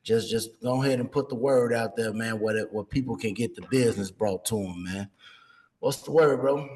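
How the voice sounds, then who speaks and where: A man's voice: on the low side, normal speed, darkish tone. A man co-hosting a casual talk show, laid-back and dropping "man" into almost every line. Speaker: co-host. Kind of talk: casual podcast chat.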